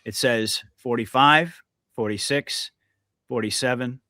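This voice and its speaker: A man hosting a conversational podcast, earnest and emphatic, often restarting his sentences. His voice sits at an ordinary middle pitch. The recording is close and dry, with no room sound. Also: slow pace, pushed and bright, dry recording. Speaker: podcast host. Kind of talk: casual conversational interview.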